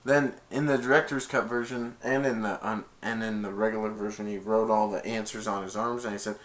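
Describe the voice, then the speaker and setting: A man recapping a movie in a casual, rambling way, excited, restarting sentences and chuckling as he goes. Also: on the low side, fairly quick, hardly any pauses. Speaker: movie reviewer.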